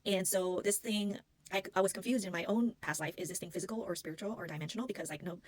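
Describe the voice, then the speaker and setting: Talking fast in a lowish voice, a spiritual healing practitioner shares a personal story to camera in a casual, earnest, rambling way, frequently hunting for the right word. The audio is poor, with no room sound.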